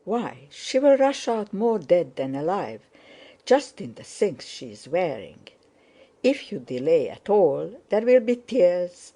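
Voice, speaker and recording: A commanding young officer who gives orders briskly and schemes boldly, read by a woman. The voice sits low and mellow, and it moves at an unhurried pace. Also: exaggerated voice.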